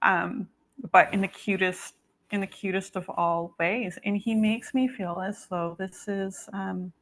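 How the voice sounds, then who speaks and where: A woman working as a psychic medium, talking through a reading over a video call in a halting way, full of "um" and "like". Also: medium pitch, steady tone, fairly bright tone.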